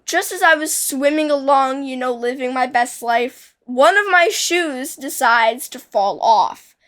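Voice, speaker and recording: A woman's voice: high-pitched, fairly bright tone. A young woman telling a childhood story in a casual, rambling way, with many restarts and fillers.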